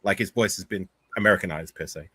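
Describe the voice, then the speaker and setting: Low, bright Australian man chatting. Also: fast, husky, dry recording. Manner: argumentative, uses "like" often. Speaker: guest. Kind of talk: casual sports chat.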